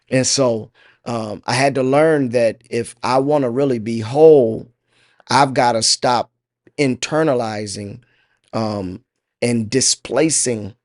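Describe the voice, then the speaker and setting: A middle-aged man hosting a podcast and sharing a personal testimony, earnest and reflective, halting often with fillers. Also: medium pitch, no echo, clean studio sound. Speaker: podcast host.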